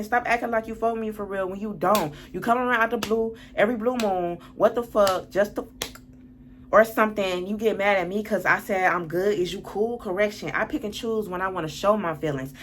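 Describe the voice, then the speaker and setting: A lifestyle vlogger with a mid-range voice tells a storytime at a brisk pace, reading text messages aloud. She's blunt and exasperated and swears often.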